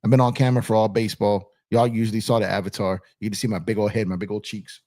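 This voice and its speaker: A man's voice: on the low side, flat delivery, rapid-fire, dark tone. A man hosting a sports talk show, emphatic, repeating his lines and talking straight to his chat. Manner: emphatic, repeats phrases, addresses chat as y'all. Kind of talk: animated basketball talk show. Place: home studio with purple lights. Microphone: on camera streaming setup.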